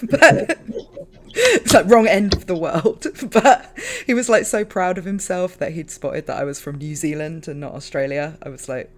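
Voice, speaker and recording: A woman's voice: on the low side, expressive, normal speed. Chatty London woman who laughs a lot. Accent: London English. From London, England. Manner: chatty, laughs often, many fillers. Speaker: streamer host. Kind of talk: casual chat.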